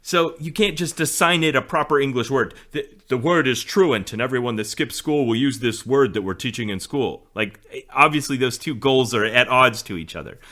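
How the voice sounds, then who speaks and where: A man's voice: mid-range voice, moderate pace, hardly any pauses, bright, forceful tone. A man in his forties, co-hosting a podcast in casual chat and explaining things in a storytelling way. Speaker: podcast co-host.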